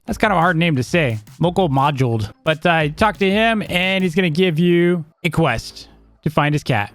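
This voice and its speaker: Chatty man narrating a game walkthrough. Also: fairly high pitch. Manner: casual, chatty, with frequent "like" and "dude". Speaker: gaming video host. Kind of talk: casual game walkthrough commentary. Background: faint background music.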